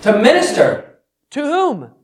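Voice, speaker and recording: Very high-pitched and slightly rough, this man's voice swings hugely in pitch and moves slowly. He is a pastor giving casual, interactive Bible teaching, often questioning the group and poking fun at himself.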